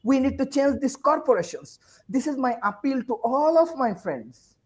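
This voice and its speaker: A woman's voice: sits high, expressive, normal speed, low-quality recording. A woman from Bangladesh, a university teacher speaking, gives an emotional, urgent panel speech full of repeated phrases and rhetorical questions. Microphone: video call.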